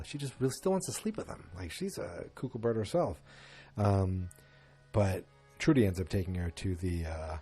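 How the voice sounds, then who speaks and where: A man's voice: fairly low pitch, lively intonation, brisk, a little mellow, soft background music. A man hosting a casual solo podcast, retelling scenes and acting out the quotes with sarcastic asides. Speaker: podcast host.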